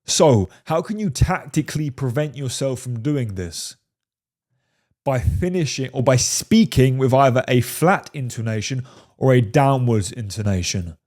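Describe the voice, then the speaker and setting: Male dating-coach commentator, mid-pitched, casual and profane, heavy on "right?". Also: expressive, a little slow, darkish tone. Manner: profane, repeats "right?" and "fellas". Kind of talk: casual commentary on film clips.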